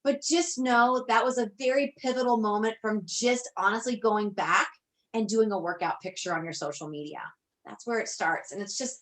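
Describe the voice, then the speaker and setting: A woman business coach talking on a motivational team call, effusive and gushing, often repeating herself. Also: on the high side.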